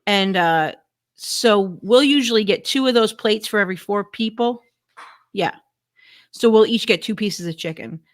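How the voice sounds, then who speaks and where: A chatty woman co-hosting a relaxed live stream about food. She laughs easily and often stops mid-word to start over, in a plain mid-range voice. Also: medium pitch, normal speed. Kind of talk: casual chat.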